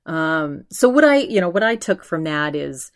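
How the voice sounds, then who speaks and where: A woman hosting her own podcast, chatting casually and retelling what others said with lively quoting. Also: low-pitched, normal speed, clear, resonant tone. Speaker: podcast host. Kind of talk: casual solo podcast chat.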